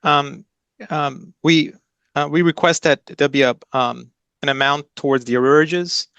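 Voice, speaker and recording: A man speaking as an attorney at a court hearing, polite and halting with many fillers. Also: on the high side, fairly even intonation, creaky, a bit bright, clear, resonant tone, no echo.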